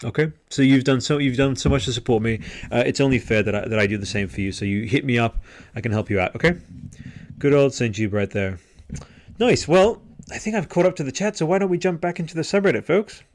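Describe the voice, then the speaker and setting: Aussie guy in his 30s doing a live podcast stream, reads chat out loud, rambly, lots of ums, mid pitch voice. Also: fast, a little hiss or hum. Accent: Australian. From Australia. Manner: chatty and rambling, reading out viewer comments with frequent fillers. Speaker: podcast host. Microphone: headset-style home podcast mic.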